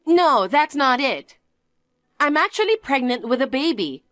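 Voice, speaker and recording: A woman's voice: high-pitched, sing-song, measured pace, a bit bright, no echo, clean studio sound, pitched above the performer's own voice, heavily acted. A woman voicing a spoiled young niece who stole her aunt's husband, talking in a sneering, sing-song, teasing way in a scripted dialogue drama. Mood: whiny, smug.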